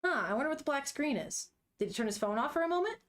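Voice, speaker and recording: A woman's voice: high-pitched, animated, quick pace. A young woman reading a manga aloud and chatting about the panels, giggly and casual. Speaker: manga reader streamer.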